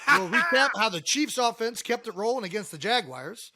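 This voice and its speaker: A man from Ohio co-hosting a sports podcast in casual chat, quick-talking and teasing his co-host. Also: high voice, big pitch swings, pushed and bright, no room sound, studio quality.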